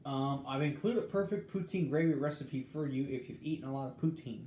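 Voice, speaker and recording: A man in casual talk, reading a recipe aloud and musing in a halting way as he thinks out loud. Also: medium pitch, muffled recording. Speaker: host. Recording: echoey room with faint background noise.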